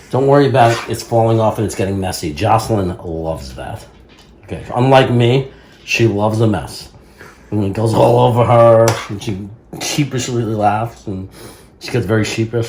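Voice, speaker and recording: A man's voice: mid-range voice, darkish tone, a little hiss or hum. Chatty man in an echoey room. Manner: chatty, rambling, self-amused. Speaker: home cook vlogger. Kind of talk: casual cooking vlog.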